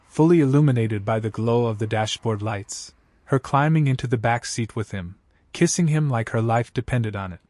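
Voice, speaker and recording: A man telling a dramatic first-person story in steady, scripted narration. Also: medium pitch, no echo, studio quality.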